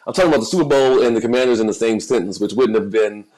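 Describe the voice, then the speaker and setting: Rapid-fire and a little mellow, his voice sits on the low side. The American co-hosts a podcast, casually discussing football and celebrity news and often repeating words as he looks for what to say. The audio is poor.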